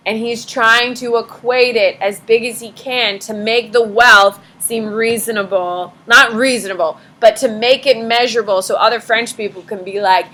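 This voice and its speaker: A woman's voice: fairly high pitch, fairly even intonation, moderate pace, few pauses, bright, forceful tone, low-quality recording. Chatty, sarcastic woman teaching a class. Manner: chatty, sarcastic, swears casually. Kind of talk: casual classroom lecture.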